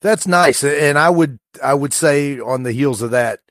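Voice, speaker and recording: A man's voice: mid-range voice, measured pace, a bit bright, no room sound. Easygoing man in his forties, dry sound. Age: 40s. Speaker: podcast co-host. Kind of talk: casual conversation.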